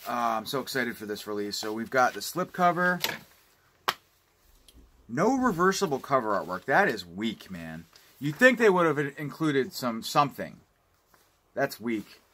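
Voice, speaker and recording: A man's voice: medium pitch, very animated, unhurried, long pauses, bright, forceful tone, slight background noise. Rambling, profane man reviewing discs. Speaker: home video collector vlogger. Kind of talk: casual unboxing review.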